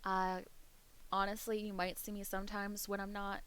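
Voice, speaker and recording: A woman's voice: mid-range voice, flat delivery, moderate pace, fairly bright tone, clear, resonant tone. A young woman from the US East Coast with a Pennsylvania-tinged East Coast accent, chatting casually to her viewers as a streamer, rambling, laughing often and swearing freely. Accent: East Coast American, Pennsylvania.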